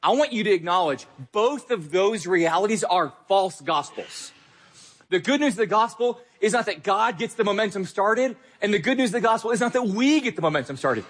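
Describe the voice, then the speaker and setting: A man's voice: high voice, lively intonation, brisk, fairly bright tone. A young adult man preaching a sermon as pastor, earnest and emphatic, speaking straight to his listeners.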